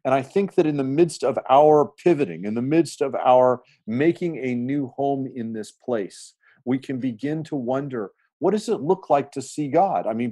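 A man's voice: medium pitch, dark tone. Earnest man musing on scripture. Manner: earnest, storytelling with restarts. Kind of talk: reflective podcast talk.

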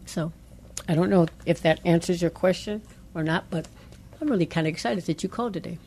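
Husky-voiced woman co-hosting a call-in show. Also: fairly low pitch, fairly quick. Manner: animated storyteller, quoting voices she heard. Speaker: pastor's wife and co-host. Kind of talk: call-in radio talk, personal testimony.

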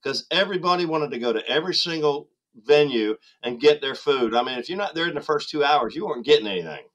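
A man's voice: on the high side, expressive, fast, a bit bright. A middle-aged man guest, reminiscing casually with jokes at his own expense. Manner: jokey, self-mocking, laughs along. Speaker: guest, former actor.

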